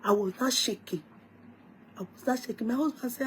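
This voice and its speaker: A woman with a Nigerian accent telling a story to her viewers in a lively, dramatic way, slipping into Yoruba phrases. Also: a little high, a little fast, slight background noise. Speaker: vlogger.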